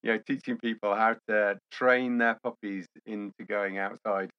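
A man's voice: lowish voice, steady tone, moderate pace, smooth, lo-fi sound. A man co-hosting a veterinary podcast in casual chat, thoughtfully explaining ideas at length.

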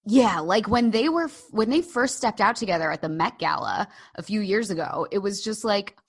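A woman co-hosting a podcast in casual chat, talking in an animated way with lots of "like" fillers. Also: mid-range voice, normal speed, husky. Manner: chatty, animated, frequent "like" fillers. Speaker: podcast co-host.

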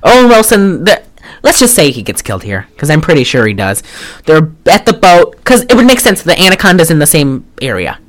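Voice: mid-range voice, big pitch swings, fairly quick. A podcast co-host recapping a film in casual chat, rambling with lots of "like" and wry, sarcastic asides. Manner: trails off and restarts often.

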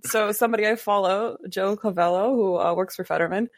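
A woman's voice: mid-range voice, brisk, no room sound, studio quality. A woman filling in as a podcast guest over a call, chatting wryly and sarcastically about politics. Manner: wry, sarcastic. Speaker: guest co-host. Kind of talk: casual political chat.

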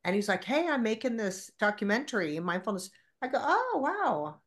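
A woman's voice: medium pitch, quick pace. A woman in her forties, a podcast guest, telling stories candidly and animatedly with plenty of swearing. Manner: animated, profane storyteller.

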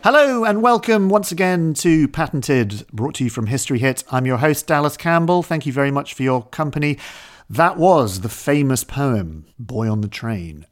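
A man hosting a history podcast, telling the story in a lively, conversational way. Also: medium pitch. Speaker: podcast host.

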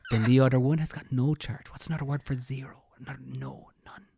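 A woman voicing an overhelpful female exam invigilator in a whispered role-play, dropping hints in a loud stage whisper. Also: rumbling low, fast, a little hiss or hum. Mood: coaxing.

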